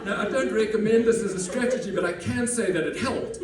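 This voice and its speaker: A fairly quick, high-sitting male voice comes through a very noisy recording, heard from a distance in an echoey room with faint ambience. He's on stage telling a personal story to a live audience, self-deprecating and conversational, often beginning his words again.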